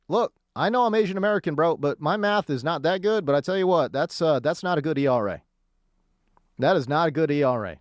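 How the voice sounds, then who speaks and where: A man hosting a sports radio show, hyped and jokey, swinging between loud bursts and calm stat talk. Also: on the high side, no room sound, clean studio sound.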